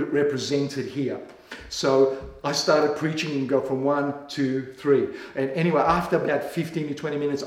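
A middle-aged Australian pastor telling a testimony in a sermon, animated and full of restarts and stammers. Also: male voice, on the high side, roomy sound. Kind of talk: sermon storytelling.

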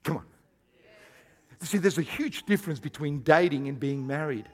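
A man preaching a sermon as pastor, swinging between hushed, intimate lines and loud, emphatic bursts. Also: a little high, expressive, normal speed, breathy edge. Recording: long hall reverb.

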